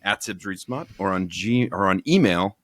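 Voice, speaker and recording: Jokey man with a lively voice. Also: sits low, moderate pace, dry recording, clean studio sound. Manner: jokey, laughs often, stumbles and restarts. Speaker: podcast co-host. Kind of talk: casual comedic chat.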